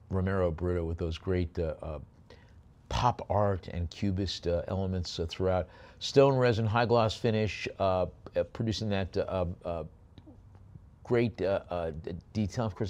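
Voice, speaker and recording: Chatty low-voiced male auctioneer. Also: darkish tone. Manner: rapid bid calling mixed with chatty asides and many fillers. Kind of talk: live auction calling with item descriptions.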